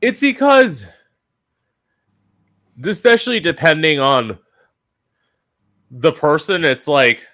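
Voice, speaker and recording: A man's voice: fairly high pitch, takes it slowly, pauses often. A man hosting an interview, telling gossipy stories casually and filling his talk with "like.". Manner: gossipy, animated storytelling with many fillers. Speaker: interview host.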